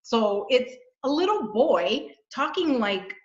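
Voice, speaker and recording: A woman's voice: fairly high pitch, slow. Earnest woman sharing a spiritual story. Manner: earnest, animated storytelling with frequent restarts. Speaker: channel host. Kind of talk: casual spiritual chat. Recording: dull echoey room sound.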